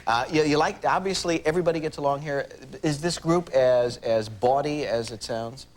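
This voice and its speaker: A man's voice: on the high side, moderate pace. A man hosting a talk show, asking questions in a breezy, joking way. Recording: 1980s TV studio with audience.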